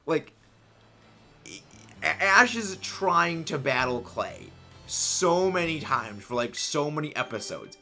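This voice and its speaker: A young man hosting a livestream, chatting casually and reading chat messages in an excitable, rambling way. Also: on the high side. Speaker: livestream host.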